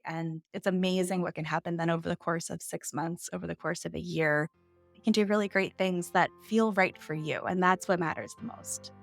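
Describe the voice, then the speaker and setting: A woman's voice: lowish voice, fairly even intonation, a little fast, gravelly, soft background music. A woman author speaking as a podcast guest, reassuring and encouraging as she talks about goals. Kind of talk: casual interview chat.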